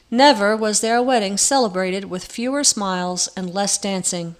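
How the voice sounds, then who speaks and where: A woman narrating a storybook in an expressive, measured way. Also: mid-range voice. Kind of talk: storybook reading.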